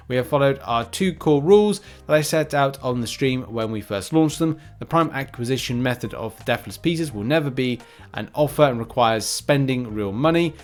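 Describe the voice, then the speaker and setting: A man hosting a casual gaming news roundup, chatty and rambling, with frequent fillers and restarts. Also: medium pitch.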